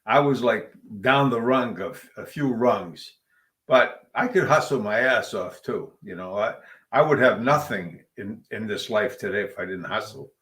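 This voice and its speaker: A man's voice: on the low side, measured pace, a bit bright, echoey room. A man in a casual chat, talking bluntly and plainly.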